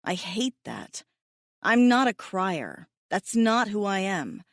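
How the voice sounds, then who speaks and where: A woman reads a first-person romance audiobook with an emotive, self-mocking delivery that leans tearful. Her voice sits at a middling pitch. The recording is dry and close, with no room sound. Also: big pitch swings, slow, dry recording. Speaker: audiobook narrator.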